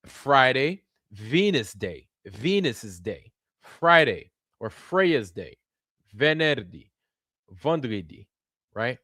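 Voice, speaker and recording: A man's voice: medium pitch, sing-song, takes it slowly, bright, forceful tone, dry recording, studio quality. A man hosting a casual livestream, rambling and repeating words while checking in with viewers. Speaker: livestream host.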